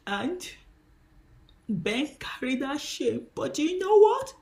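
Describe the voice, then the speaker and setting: A woman's voice: sits high, big pitch swings, takes it slowly, pauses often, a little mellow. A woman preacher giving a spiritual teaching, impassioned and emphatic, repeating her key phrases.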